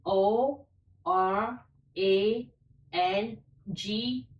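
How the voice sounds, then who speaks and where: A woman's voice: medium pitch, very slow, reverberant, far from the mic, highs cut off. A woman teaching a language lesson, upbeat, spelling out words letter by letter. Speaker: French teacher.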